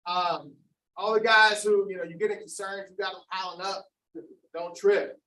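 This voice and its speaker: A man accepting an award, speaking haltingly and with feeling in casual slang. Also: high voice, steady tone, pushed and bright, a little hiss or hum. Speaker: award recipient giving a speech. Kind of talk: emotional acceptance speech. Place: large hall. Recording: echoey hall, voice from far off.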